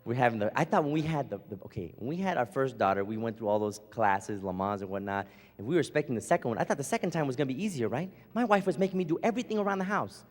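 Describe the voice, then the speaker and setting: Rapid-fire and expressive at a medium pitch, a comedian performs in a theater, spinning lively stories and voicing his wife's lines. The sound carries live hall reverb and a faint ambience.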